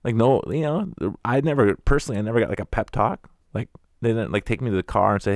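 A former door-to-door preacher tells wry, candid stories about his rounds in a casual monologue, acting out the people he met. His medium-pitched voice is creaky and darkish, moving a little fast. The recording is dry and studio quality.

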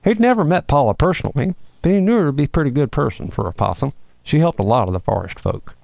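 A male host reads a children's Christmas tale aloud. His gravelly voice moves lively through its range, and the recording is dry and close. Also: on the high side, fast, dry recording. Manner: folksy, expressive. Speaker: host and storyteller. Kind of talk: reading a children's Christmas story.

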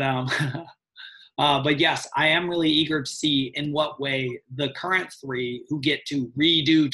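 A man's voice: fairly high pitch, pushed and bright, rough recording. A man co-hosting a casual book discussion podcast, thoughtful and digressive, often chuckling as he talks. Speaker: podcast co-host.

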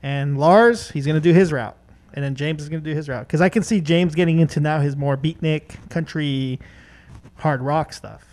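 A man's voice: on the high side, a little mellow. A man co-hosting a podcast, chatting casually and joking around. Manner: jokey, quick to laugh. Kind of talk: casual chat.

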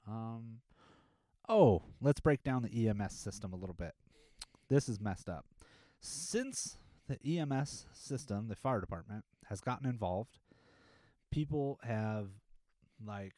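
A man's voice: on the low side, moderate pace, no echo. A man, a firefighter hosting a podcast, telling stories in a rambling casual monologue and acting out the quotes. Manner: rambling, animated storytelling with acted-out quotes.

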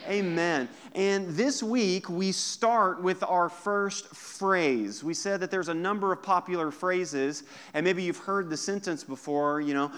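A man preaching a sermon as pastor to his congregation, lively and joking with the listeners. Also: sits high, a little slow, hardly any pauses. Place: church service.

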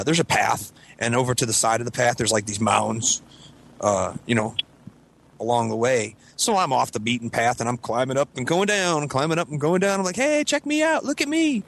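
A man's voice: medium pitch, creaky, fairly bright tone. A young adult man telling a rambling, profane story among friends on a podcast, often restarting and acting out quoted lines. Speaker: podcast co-host.

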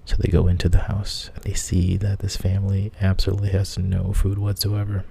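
A man's voice: low-pitched, completely flat delivery, fairly quick, vocal fry, dark tone, slightly rough. A man casually retelling an old myth in a conversational, plain manner, with the odd filler. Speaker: storyteller.

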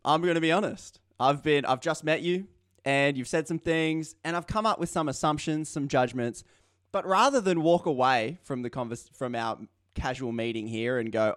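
A man's voice: on the high side, normal speed, a bit bright, no echo, clean studio sound. An Australian man hosting a podcast interview, chatting casually and jokingly, slipping into playful role-play. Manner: jokey, rambling, drops into playful role-play. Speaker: podcast host.

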